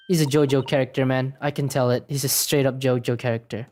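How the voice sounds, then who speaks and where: A man's voice: mid-range voice, steady tone, quick pace, few pauses, a little mellow, slight background noise. A man streaming a detective game, giving goofy, joking commentary and laughing often.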